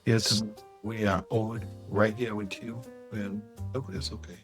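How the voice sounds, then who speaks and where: A man with a lowish voice hosts a memorial live stream and speaks gently to his callers, reassuring them they can take their time. Quiet guitar music plays softly behind him. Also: flat delivery, measured pace. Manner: gentle, consoling, soft-spoken.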